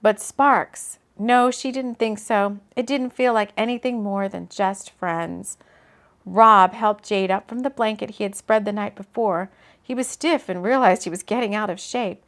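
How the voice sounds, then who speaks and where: A woman, an author, reading her own book aloud in a relaxed way, breaking off for casual asides. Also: medium pitch, measured pace. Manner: chatty, laughs at her own slips and comments mid-reading.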